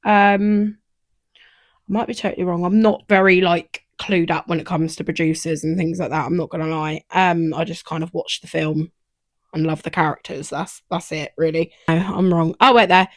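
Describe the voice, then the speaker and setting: A woman's voice: on the low side, steady tone, normal speed, no echo. A young woman co-hosting a podcast, chatting casually and rambling with lots of fillers. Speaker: podcast co-host. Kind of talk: casual chat.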